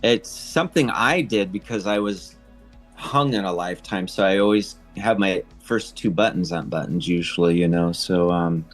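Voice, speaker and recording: A man's voice: deep voice, normal speed, faint music behind. A man in a casual chat, agreeable and rambling.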